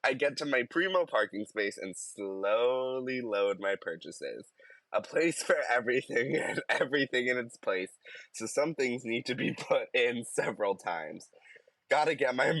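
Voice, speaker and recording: A man's voice: mid-range voice, expressive, unhurried, fairly bright tone, dry recording. A man co-hosting a podcast, reading stories aloud in casual chat and laughing mid-sentence. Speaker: podcast co-host.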